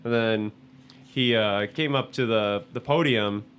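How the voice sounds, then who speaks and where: A man's voice: lowish voice, a little slow, a bit bright. A young man, a podcast co-host, telling a long story in casual chat, with many restarts and laughs. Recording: faint background noise.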